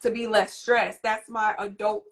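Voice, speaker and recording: A woman hosting a parenting talk, explaining in a lively, teacherly way and addressing the audience directly. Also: mid-range voice, a little slow. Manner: animated, teacherly, demonstrates a soothing voice. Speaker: host and parenting coach. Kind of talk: live interview chat.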